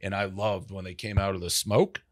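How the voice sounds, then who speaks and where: A man's voice: low-pitched, little pitch movement, normal speed, no echo, studio quality. A man talking as a podcast guest about founding his company, rambling and profane, with lots of "like" fillers. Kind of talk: casual interview storytelling.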